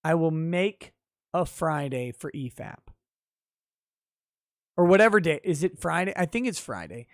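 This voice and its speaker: A man hosting a casual livestream, reading viewer comments aloud and breaking into loud, profane, mock-boastful rants. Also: a little high, big pitch swings, measured pace, pauses often, no room sound, clean studio sound. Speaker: livestream host.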